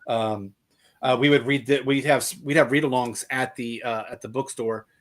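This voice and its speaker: Casting: male podcast host from Oklahoma, mid-pitched, eager but halting delivery, casual chat. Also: steady tone. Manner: enthusiastic, halting, repeats words.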